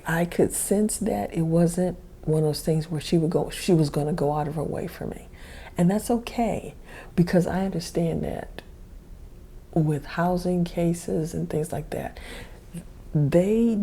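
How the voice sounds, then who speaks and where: A woman's voice: low-pitched, creaky, warm tone, slight background noise. A woman hosting a podcast, telling a personal story in a rambling, self-correcting way and chuckling often. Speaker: podcast host. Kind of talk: casual storytelling monologue.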